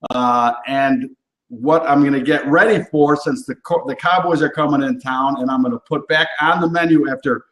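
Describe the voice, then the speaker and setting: On his cooking show, this man's slightly high, somewhat bright voice carries through an echoey room. He chats casually to the camera, wandering off on asides and using plenty of fillers.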